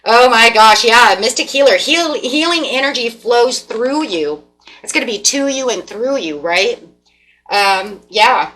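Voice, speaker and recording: A woman giving a casual tarot reading, animated and repetitive, acting out the people in the cards. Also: fairly high pitch, measured pace, a little hiss or hum. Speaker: tarot reader.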